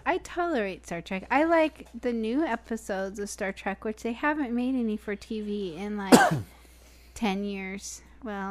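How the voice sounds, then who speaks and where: Female podcast co-host, casual, playful, with dry sarcasm. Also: mid-range voice. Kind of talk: casual chat.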